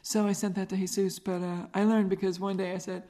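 A chatty middle-aged woman hosts a podcast in a regional American accent, laughing often as she shares stories. Her mid-range voice is mellow and fairly quick, with a flat delivery.

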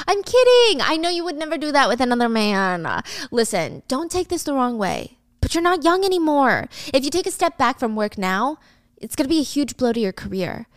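A woman voicing a controlling, hot-tempered man who flips from wheedling to shouting threats, in a dry close recording. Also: high voice, big pitch swings, a little fast, no echo.

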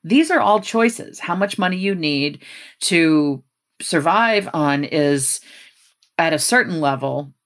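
A middle-aged woman with a low voice, a guest giving earnest, measured advice in conversation and slowing down to stress her points. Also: animated. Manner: earnest, measured, slows down for emphasis.

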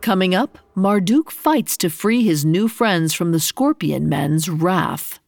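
A woman narrating a mythological story in a calm, measured scripted style. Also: fairly low pitch, creaky, dry recording.

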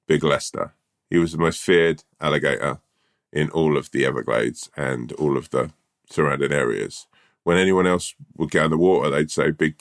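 A man co-hosting a podcast, telling a rambling, slangy tall tale in a laid-back, swearing way. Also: rumbling low. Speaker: podcast co-host.

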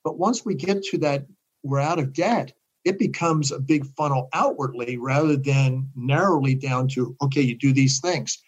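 An older man telling stories as a guest in a casual interview, animated and acting out the voices of the people he quotes. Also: mid-range voice, moderate pace, breathy edge, poor audio.

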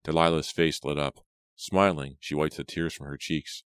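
A man reading an audiobook in a steady, measured narration. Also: rumbling low, smooth, no room sound.

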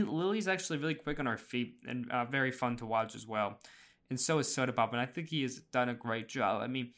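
A chatty man talking through a casual podcast recap at a middle pitch. He fills pauses with "uh" and restarts his sentences, and small laughs slip in. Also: fairly bright tone. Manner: chatty, laughs often, many fillers and restarts. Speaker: podcast host.

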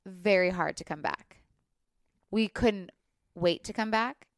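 A woman's voice: mid-range voice, slow pace, no room sound, studio quality. A woman from the Midwest in her thirties, a guest in a casual chat, talking freely with lots of fillers and restarts. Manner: chatty, many fillers and restarts. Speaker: podcast guest.

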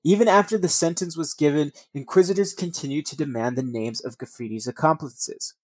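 A man's voice: a little high, expressive, a little fast, a little mellow, dry recording. A man hosting a podcast, mixing read passages with rambling, profane casual asides. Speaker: podcast host. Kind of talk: casual storytelling podcast, reading passages aloud.

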